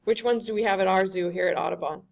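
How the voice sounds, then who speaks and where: A woman's voice: mid-range voice, fast, gravelly. A woman giving a classroom lecture, conversational and often checking in with the students.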